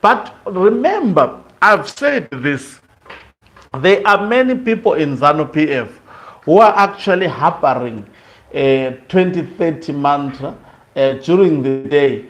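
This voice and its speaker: A man's voice: fairly high pitch, lively intonation, a little slow, a bit bright. A man giving casual political commentary, talking loosely with many fillers and restarts.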